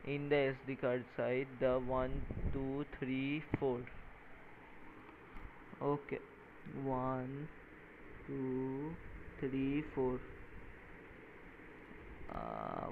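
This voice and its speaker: A tired man talking casually while he codes and wires a small electronics project, halting and counting pins out loud. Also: mid-range voice. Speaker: maker coding a microcontroller project. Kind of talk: casual talk-through while working. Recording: tinny phone-like sound with faint noise.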